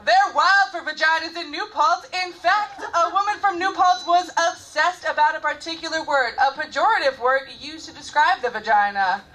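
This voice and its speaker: A woman's voice: high voice, normal speed, hardly any pauses, bright, forceful tone, a little hiss or hum, rough recording. A woman narrating on stage, introducing the next piece in an upbeat announcing manner. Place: theater stage.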